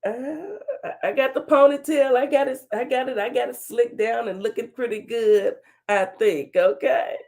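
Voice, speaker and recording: A woman's voice: a little high, steady tone, normal speed, a little mellow. A woman hosting a casual livestream talk show, chatty and folksy, greeting viewers by name while her voice is still a little off from being sick. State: recovering from illness, voice slightly off.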